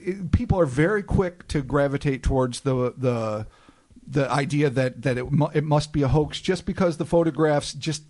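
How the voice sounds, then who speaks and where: A man's voice: on the high side, moderate pace, a little mellow. Emphatic man musing on a podcast. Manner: emphatic, speculative, swears casually. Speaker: podcast co-host. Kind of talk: casual chat.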